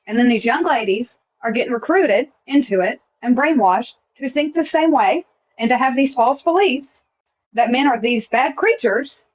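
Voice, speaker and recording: A woman's voice: fairly high pitch, lively intonation, moderate pace, highs cut off, a little hiss or hum. A woman, a mother, speaking bluntly and insistently in an online debate. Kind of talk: live social media debate.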